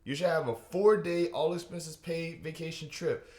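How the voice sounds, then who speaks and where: Animated rambling man in echoey room. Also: fairly high pitch, moderate pace. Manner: rambling and animated, many restarts and asides. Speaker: comedian. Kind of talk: stand-up comedy rant.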